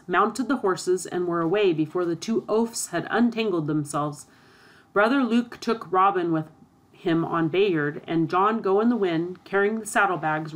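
A woman narrating a storybook aloud in a steady, expressive reading. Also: fairly low pitch.

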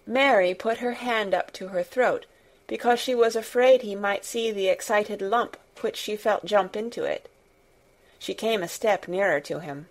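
Woman, audiobook narrator, slow, calm, even storytelling. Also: lowish voice, gravelly. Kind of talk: scripted narration.

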